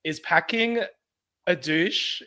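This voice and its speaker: Australian male co-host, young, bright forward tone, animated and giggly storyteller. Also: fairly high pitch, slow pace. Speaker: podcast co-host. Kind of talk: casual chat.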